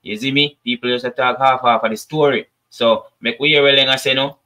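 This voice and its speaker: Jamaican man, commentary host, bright forceful voice, patois chatter. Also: medium pitch, steady tone, fairly quick. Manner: chatty, addresses viewers as people, patois asides. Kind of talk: casual commentary to viewers.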